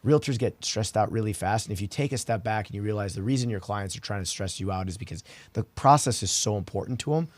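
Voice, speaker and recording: This is a man with a lowish voice, chatting casually as a realtor guest on a podcast. He tells relaxed anecdotes and often restarts his sentences. The sound is dry and close, with no room echo. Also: quick pace, hardly any pauses. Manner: conversational, anecdotal, frequent restarts.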